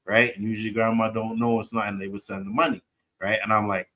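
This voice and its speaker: A man's voice: lowish voice, little pitch movement, fast, pushed and bright, rough recording. A man co-hosting a casual panel chat, telling a personal story and often checking in with "right?". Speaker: podcast co-host.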